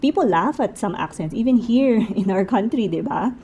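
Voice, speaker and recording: Filipino woman doing a chill book review vlog, mellow tone, lots of rhetorical questions. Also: mid-range voice, expressive, moderate pace, a little hiss or hum, rough recording. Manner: conversational, poses many rhetorical questions.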